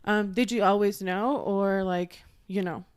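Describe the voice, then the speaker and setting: Podcast host, woman from Ecuador, 30s, chatty and upbeat, smooth clear voice. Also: mid-range voice, fairly even intonation, measured pace. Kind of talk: casual podcast chat.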